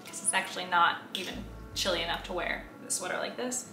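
A woman's voice: on the low side, quick pace. Young american woman rambling to her camera at home, chatty and self-deprecating, room echo, faint music under it. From United States. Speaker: lifestyle vlogger. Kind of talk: casual vlog chat. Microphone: camera on a tripod.

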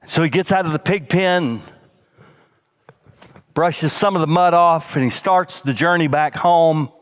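A middle-aged male senior pastor preaching a sermon, swinging from emphatic raised lines to soft, hushed ones. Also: a little high.

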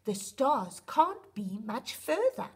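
A woman voicing a determined little female rocket in a children's story, speaking excitedly. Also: slow. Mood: eager. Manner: excited, high and bright.

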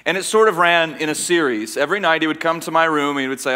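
A man raised in Austria giving a conference talk to a live audience, telling a story in an earnest, measured way with dramatic pauses. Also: on the high side, pushed and bright. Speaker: conference speaker. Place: large church hall.

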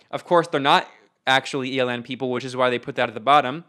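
A man's voice: on the high side, a little fast, fairly bright tone. A young man giving an invited political talk, emphatic and sardonic, often restarting his phrases. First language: English. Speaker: invited speaker.

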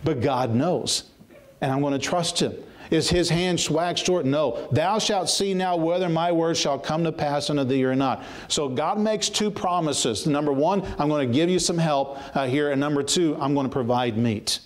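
A man's voice: on the high side, moderate pace. A man preaching a sermon as pastor, reading scripture aloud and then retelling it in plain, earnest words. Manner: reads scripture aloud in King James wording, then paraphrases it plainly; earnest, with frequent repeated starts.

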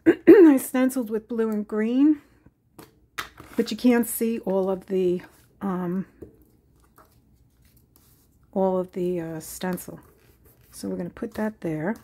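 A woman hosting a casual crafting tutorial, musing aloud at an unhurried pace as she works and sometimes dropping into soft whispers. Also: mid-range voice, breathy edge. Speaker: crafting channel host. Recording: faint background noise.

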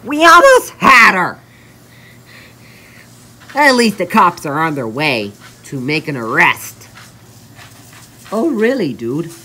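A woman's voice: big pitch swings, takes it slowly, long pauses, pushed and bright, breathy edge. Woman voicing every plush toy character. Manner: jumps between many character voices, high and low. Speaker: plush toy video maker.

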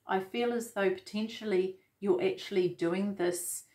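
A woman giving a casual tarot reading, gentle and reflective, with many fillers and restarts. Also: medium pitch, fairly even intonation, unhurried. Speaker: tarot reader.

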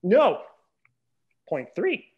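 A man co-hosting a casual podcast, his voice pitched a bit high. He rants with animated indignation and trips over his own restarts. The sound is slightly dull and lo-fi. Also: very slow. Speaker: podcast co-host. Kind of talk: casual chat.

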